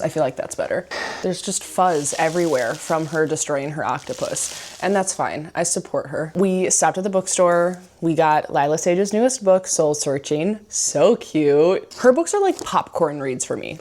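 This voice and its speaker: A woman's voice: low-pitched, a little mellow. A young woman from the United States chatting casually at home in a book vlog, bubbly and gushing, laughing often. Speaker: book vlogger. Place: at home indoors.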